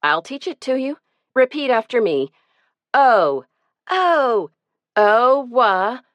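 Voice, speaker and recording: A woman's voice: fairly high pitch, sing-song, slow, no echo, voice pushed up, exaggerated voice. A woman voicing a cheerful young mother who leads a group of scout boys, speaking in an enthusiastic, teasing way. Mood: playful. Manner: bright, playful and enthusiastic.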